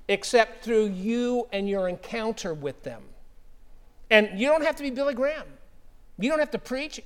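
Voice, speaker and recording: A man's voice: high voice, big-room sound. A middle-aged male pastor preaching a sermon in a conversational storytelling manner.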